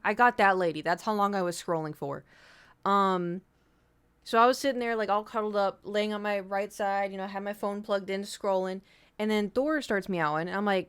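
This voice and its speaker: A woman's voice: mid-range voice, a little fast, smooth. A woman streamer chatting casually with viewers, telling a rambling story with swearing and the odd whispered aside. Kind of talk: casual chat.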